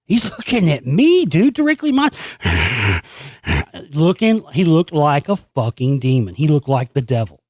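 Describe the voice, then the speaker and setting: Male host, higher-pitched, dry close sound, foul-mouthed sarcastic rant. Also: a little slow, no echo. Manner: profane, sarcastic, animated storytelling. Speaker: channel host. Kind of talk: ranting monologue.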